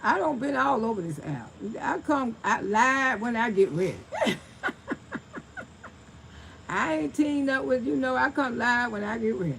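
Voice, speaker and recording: A woman's voice: a little high, lively intonation, measured pace, gravelly, long pauses, background noise. A woman, casually telling stories on a livestream and answering viewer comments, laughing often. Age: 60s. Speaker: livestream host.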